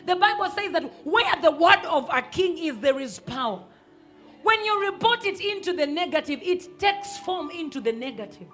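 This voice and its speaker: Lady preacher, bright ringing voice, gets loud and fiery on points. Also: very high-pitched, animated, moderate pace, soft background music. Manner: emphatic, rises to shouts and acts out quoted voices. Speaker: pastor. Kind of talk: sermon.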